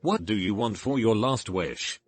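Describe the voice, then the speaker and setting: A man reading the lines of a stern tribal chief in an even, read-aloud way. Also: on the low side, a little slow, slightly rough.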